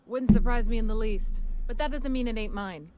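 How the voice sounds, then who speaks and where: An actress voicing a tough, sharp-tongued female salvager in a video game, blunt and scornful. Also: on the high side, brisk, a little hiss or hum, lightly acted. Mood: defiant.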